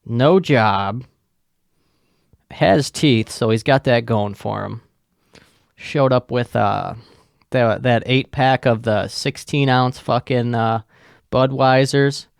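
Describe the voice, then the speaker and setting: A man's voice: mid-range voice, creaky, clean tone, dry recording, studio quality. A young man, hosting a podcast and rambling through a profane, filler-heavy rant. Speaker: podcast host. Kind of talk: casual solo rant.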